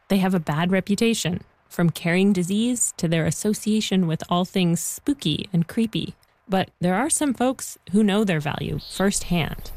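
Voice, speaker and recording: A woman reporter giving a measured, scripted narration for a news feature. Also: on the low side, a little mellow. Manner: measured, explanatory.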